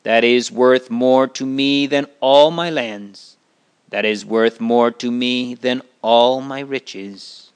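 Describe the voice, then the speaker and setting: A man voicing a humble, gentle cripple. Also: mid-range voice, slow pace, clean tone, close to an everyday voice.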